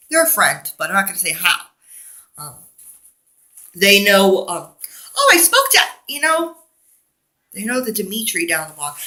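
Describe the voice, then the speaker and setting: A woman's voice: mid-range voice, pushed and bright. A woman vlogger in a rambling, digressive monologue, talking candidly and a little wheezy.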